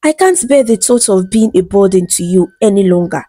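A woman's voice: medium pitch, expressive, a little fast, mellow, dry recording, soft background music, close to an everyday voice. A woman voicing a pleading, tearful young wife.

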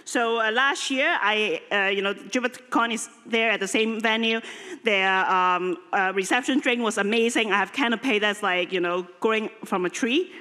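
Brief: woman from Hong Kong, bright and fairly high, hesitant jokey announcement, long hall reverb. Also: normal speed. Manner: rambling, hesitant, playful. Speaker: conference speaker. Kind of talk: lightning talk announcement. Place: large conference hall.

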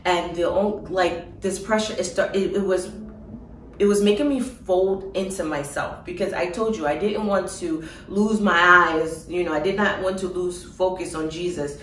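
A woman telling of her dream in an emotional personal testimony, halting with fillers and soft laughs. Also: fairly low pitch, echoey room, recorded from a distance, slight background noise, low-quality recording.

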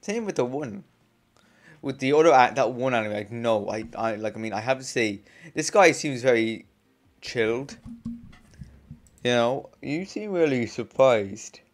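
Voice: mid-range voice, animated, unhurried, long pauses. A young adult gamer casually reading a visual novel aloud, chatting between lines, laughing often and swearing under their breath. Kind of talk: casual let's-play with read-aloud game text.

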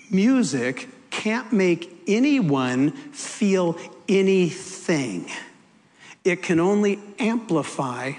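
Male preacher, high voice, slow emotional storytelling delivery, long hall reverb with faint music under. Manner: emotional, storytelling, varies pace for emphasis. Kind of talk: sermon with personal story.

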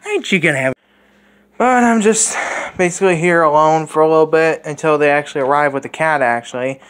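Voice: medium pitch, a bit bright, clear, resonant tone. A vlogger at home rambling to the camera, repeating filler words. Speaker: channel host. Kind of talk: vlog narration to camera.

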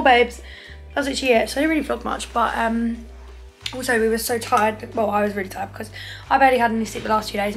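A young woman with an English accent, chatting in a bubbly, rambling way as she vlogs a holiday. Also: fairly high pitch. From England. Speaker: vlogger. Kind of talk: casual vlog chat.

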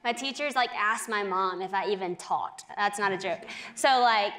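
A woman's voice: medium pitch, bright, forceful tone. A young woman sharing a faith testimony as a guest in a TV interview, earnest and chatty, with a lot of "like"s. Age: young adult. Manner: earnest, chatty, many "like"s, quick laughs.

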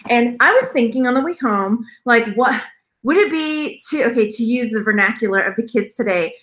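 A high, bright-voiced woman rambles through a live stream, greeting her viewers one after another. Her talk wanders from one tangent to the next, with plenty of laughter along the way. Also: animated, normal speed. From Texas. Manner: rambling, chatty, laughs often. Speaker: jewelry reseller, channel host.

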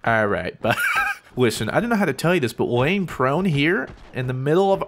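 A man with an American accent giving excitable, giggly let's-play commentary. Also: medium pitch, moderate pace, a little hiss or hum. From United States. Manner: excitable, giggly, frequent shrieks. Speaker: gaming YouTuber.

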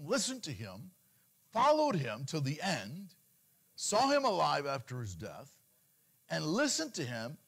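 A middle-aged man preaching a sermon, switching into pleading cries as he mimics worried believers. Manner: animated preaching, mimics anxious pleas in a higher voice. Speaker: pastor.

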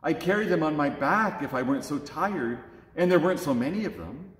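A man voicing an earnest young male shepherd in a storybook reading, with lively, expressive delivery in an echoey church. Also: on the high side, fairly quick, natural voice. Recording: echoey church with long reverb.

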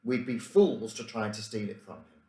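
A man's voice: lowish voice, lively intonation, moderate pace, dark tone, natural voice. A man doing the Professor, a prim schoolboy. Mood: earnest. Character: sensible bossy schoolboy leader, precise. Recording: roomy room echo.

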